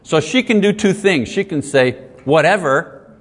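A man's voice: sits high, expressive, moderate pace. A man giving a sermon as a pastor, earnest and conversational, repeating his key lines for weight. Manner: earnest, conversational preaching with repetition. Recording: long hall reverb.

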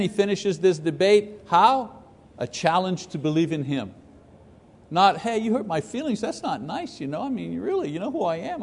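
A man's voice: on the high side, darkish tone, long reverb tail. A man teaching verse by verse through a Bible passage as a pastor, reading scripture aloud and breaking off into conversational, joking asides.

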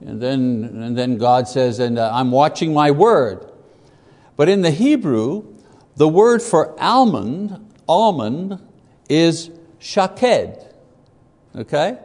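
A man teaching a class on poetry, unhurried, with many fillers and joking asides. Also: a little high, animated, darkish tone, long reverb tail. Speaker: Bible teacher. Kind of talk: classroom lecture.

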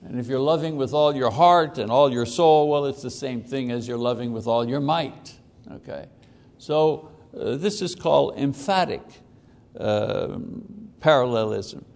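Gravelly-voiced man lecturing in a reverberant room. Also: medium pitch, measured pace, darkish tone. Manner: explains step by step, checks in with "okay?" and "right?"; repeats words for emphasis. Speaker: Bible teacher. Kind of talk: classroom lecture. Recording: long reverb of a big room.

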